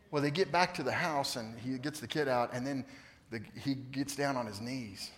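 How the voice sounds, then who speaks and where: A man in his fifties preaching a sermon, telling stories with lively swings from loud emphasis to hushed tones. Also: medium pitch, moderate pace. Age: 50s. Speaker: pastor. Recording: long reverb of a large hall.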